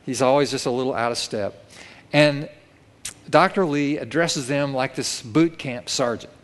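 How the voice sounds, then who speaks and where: A man's voice: medium pitch, a little slow. A man preaching a sermon, telling a story vividly and acting out the quoted lines. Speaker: pastor. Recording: long reverb of a church hall.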